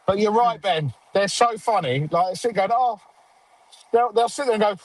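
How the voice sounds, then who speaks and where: Sarcastic high-voiced fan host. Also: male voice, normal speed, no echo, low-quality recording. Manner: sarcastic, mocking, grumbling. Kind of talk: casual football fan chat.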